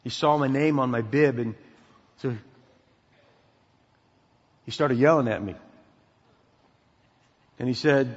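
A man's voice: medium pitch, measured pace, pauses often, breathy edge. Man preaching in a reverberant hall. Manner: emphatic, preacherly, drops to quiet intensity. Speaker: pastor. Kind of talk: sermon. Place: church sanctuary. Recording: dull sound in a reverberant hall.

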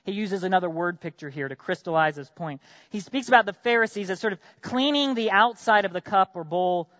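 A man preaching a sermon as pastor, earnest, asking his congregation direct questions, swinging from loud emphatic bursts to quiet drops. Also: sits high, animated, fairly quick, no room sound, lo-fi sound.

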